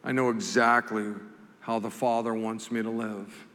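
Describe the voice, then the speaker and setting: A male pastor preaching a sermon, swinging from loud, emphatic scripture quotes to soft, slow reflection. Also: on the low side, little pitch movement. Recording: long hall reverb.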